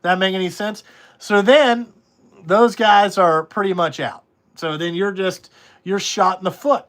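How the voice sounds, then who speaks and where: A man's voice: high-pitched, fairly even intonation, measured pace, a bit bright. A man who runs a trucking business, talking in a blunt, rambling way and swearing freely in casual podcast conversation. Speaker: trucking company owner.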